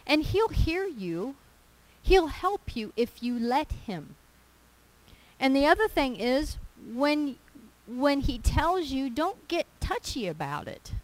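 A woman preaching a sermon, earnest and emphatic, slowing down to stress scripture. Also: high voice, big pitch swings, rough recording.

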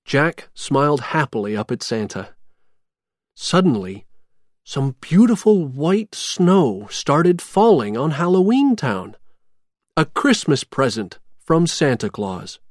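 A narrator reading a simple storybook clearly and expressively. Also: medium pitch, big pitch swings, takes it slowly, dry recording, studio quality. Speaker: audiobook narrator. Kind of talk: graded reader storybook narration.

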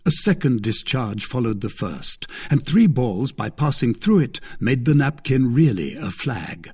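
A man narrating an audiobook in an expressive, animated reading. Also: mid-range voice, measured pace, husky.

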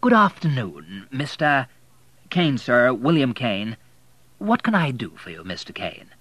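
A man voicing a tall, genteel country vicar who greets his guests slowly and courteously, in an audiobook reading. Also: medium pitch, wildly swooping pitch, a bit bright, dry recording, voice pushed up, heavily acted. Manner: slow, courteous.

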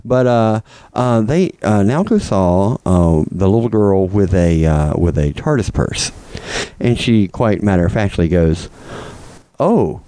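A man co-hosting a chatty podcast, his lowish voice bouncing through a lively pitch range. He rambles through his stories with plenty of ums and restarts, chuckling along the way. The sound is close and dry, with no room around it. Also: unhurried, clear, resonant tone, no room sound, low-quality recording. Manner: rambling, many fillers and restarts; amused, chuckles often. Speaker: podcast co-host. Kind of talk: casual chat.

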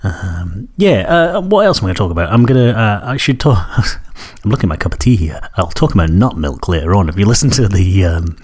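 A Scottish man in his thirties, his accent carrying traces of Newcastle, hosts a podcast with a casual, rambling, self-deprecating monologue full of fillers. His low voice is husky and darkish in tone, sing-song, and fairly quick.

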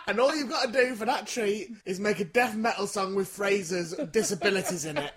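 A man's voice: high voice, brisk, few pauses, crowd noise. A man, co-hosting a podcast in casual, bawdy, joking chat and bossing his co-host along.

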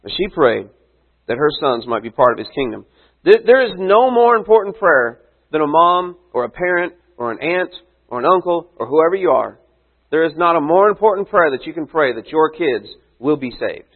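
A male pastor preaches in a relaxed, chatty way and keeps checking in with his listeners. His voice sits a little high for a man. The sound is thin and band-limited, like a phone line. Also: moderate pace. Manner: casual, conversational preaching with asides. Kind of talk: sermon.

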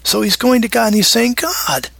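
Middle-aged male Bible teacher, husky, dry close sound, emphatic sermon delivery. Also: very high-pitched, steady tone, fast talker, a bit bright, no echo. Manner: emphatic, dramatizes prayers in a raised pleading voice.

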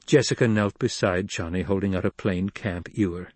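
Male audiobook narrator, measured, husky, dry. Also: low-pitched, no echo. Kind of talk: scripted narration.

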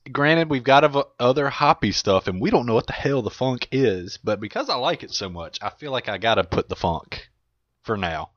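A man's voice: medium pitch, expressive, fairly bright tone, no echo. A man co-hosting a casual beer-tasting podcast, talking up a beer with enthusiasm, close to the mic. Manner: enthusiastic, drawn-out praise. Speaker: podcast co-host. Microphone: close microphone. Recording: dull lo-fi dry recording.

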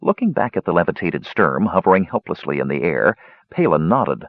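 Low, husky male storybook narrator with lively delivery, dry lo-fi sound. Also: a little fast, no echo. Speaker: audiobook narrator. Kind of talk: scripted narration.

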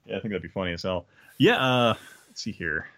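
A man's voice: lowish voice, brisk, pushed and bright, no room sound. A man guesting on a podcast, chatting casually in a laid-back, rambling way and laughing often. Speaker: podcast guest, history video creator. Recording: dull lo-fi mic.

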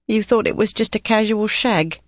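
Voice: medium pitch, moderate pace, dry recording, pitched above the performer's own voice, natural voice. Narrator voicing a blunt, cheeky female agent. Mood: teasing. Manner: frank and teasing.

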